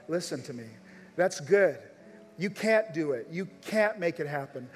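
Brisk and lively in intonation, a high-voiced pastor urges his congregation earnestly during a live service, speaking straight to them. The large church hall adds a long reverb.

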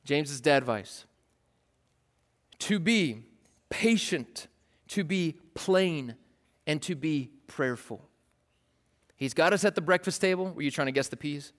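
A pastor giving a casual, joking sermon in a conversational way. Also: male voice, fairly high pitch, animated, slow, pauses often, a bit bright.

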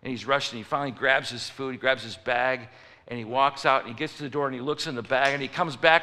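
Bright-voiced preacher in a big hall. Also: male voice, medium pitch, fairly even intonation, fast talker. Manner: storytelling preacher, acts out voices. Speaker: pastor. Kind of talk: sermon. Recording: long reverb of a large hall.

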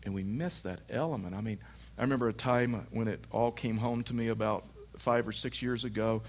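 A man preaching a sermon, telling a lively personal story and acting out his wife's lines. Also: medium pitch, a little fast.

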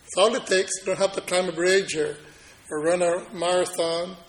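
A man preaching a sermon, telling personal stories and moving from loud proclaiming to quiet, low-key telling. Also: fairly even intonation, normal speed, low-quality recording. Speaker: pastor.

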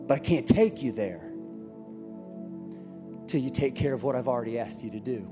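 A man's voice: mid-range voice, normal speed, pauses often. A man preaching a sermon as pastor in a church, telling stories and asking rhetorical questions. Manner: storytelling, rhetorical questions, lively delivery. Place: church auditorium. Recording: reverberant hall with music behind.

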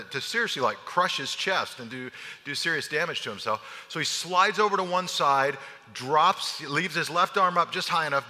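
Man, pastor, very bright voice, fairly high, sermon, long hall echo. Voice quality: animated storyteller, acts out his own lines. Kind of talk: sermon with personal story.

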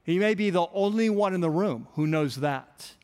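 Man preaching, high voice, earnest, emphatic, long hall echo. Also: lively intonation, normal speed, darkish tone. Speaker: pastor. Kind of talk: sermon.

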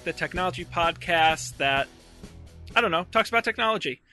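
A man's voice: on the high side, expressive, normal speed, pushed and bright, faint music behind. A man hosting a casual tech podcast, upbeat and jokey, with plenty of ums and uhs. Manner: upbeat, jokey, filler-heavy. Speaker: podcast host.

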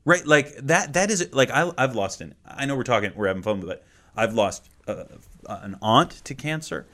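A man in his thirties, a guest minister, sharing a personal story in an earnest, heartfelt way that often drops to a hushed tone. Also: mid-range voice, lively intonation, moderate pace. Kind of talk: conversational storytelling.

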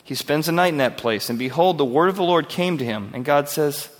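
A man's voice: on the high side, expressive, fairly quick, in a large hall. A male pastor preaching a verse-by-verse sermon in an earnest, conversational way, asking his listeners questions.

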